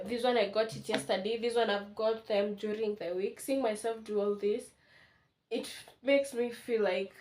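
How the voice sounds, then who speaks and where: A woman's voice: a little high, darkish tone. Chatty young Kenyan woman vlogging at home. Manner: chatty and openly emotional. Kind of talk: casual home unboxing chat. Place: indoors at home.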